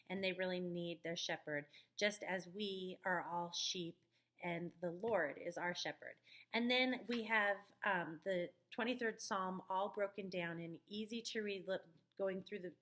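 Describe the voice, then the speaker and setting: A woman's voice: mid-range voice, fairly bright tone. A woman who leads a children's ministry talks teachers through a lesson plan in a casual briefing video recorded at home. She explains it step by step in a friendly way, with many ums. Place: at home, dog nearby. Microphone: webcam or computer mic.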